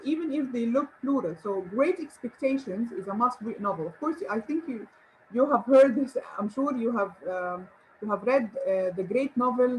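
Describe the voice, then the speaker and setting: Woman english tutor, kinda high voice, cheery praise, little hiss in the back. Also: low-quality recording. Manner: encouraging, rhetorical questions and praise. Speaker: English teacher. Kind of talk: online grammar lesson.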